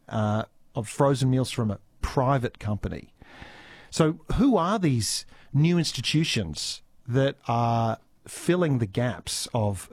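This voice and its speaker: A man's voice: mid-range voice, a little mellow, slightly rough, dry recording. Australian man, radio host, chatty, restarts and fillers, dry close studio sound. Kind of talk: live radio chat and links. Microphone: studio microphone.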